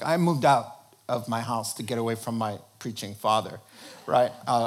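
A male preacher telling his conversion story in a sermon, animated and often laughing as he acts out conversations. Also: mid-range voice.

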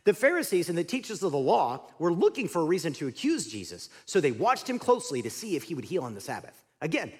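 Speaking fast and barely pausing, a middle-aged male pastor preaches in a somewhat high, slightly rough voice that fills a big room. His sermon is conversational and full of questions for the congregation, animated yet prone to sudden quiet drops.

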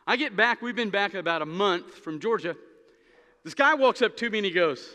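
A man preaching a sermon as pastor, telling stories with an animated, dry humor. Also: sits high, moderate pace. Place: church sanctuary. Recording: long reverb of a church hall.

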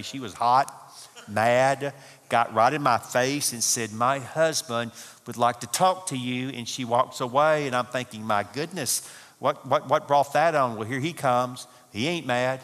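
A man's voice: mid-range voice, fairly even intonation, moderate pace, fairly bright tone. A man giving a humorous, folksy sermon talk at a marriage conference. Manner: folksy storytelling with Southern phrasing. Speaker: conference speaker. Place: church conference hall. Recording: hall reverb.

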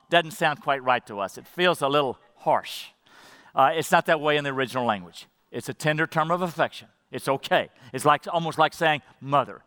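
Earnest middle-aged male pastor preaching, high bright voice, shifting to hushed emphasis. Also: no room sound. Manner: earnest, varied pacing with dramatic quiet drops. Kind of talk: sermon.

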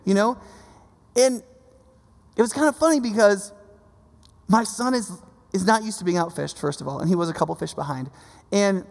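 A man of middling pitch with a gravelly edge to his voice gives a chatty sermon. He keeps tossing quick questions at his listeners. His voice rings out with a long reverb, as in a big hall. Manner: conversational, keeps checking in with listeners. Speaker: pastor.

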